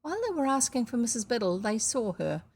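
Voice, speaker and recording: A woman's voice: on the high side, big pitch swings, fast, darkish tone. A woman from New Zealand reading a children's novel aloud, breaking off for casual asides describing the pictures. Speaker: storybook reader.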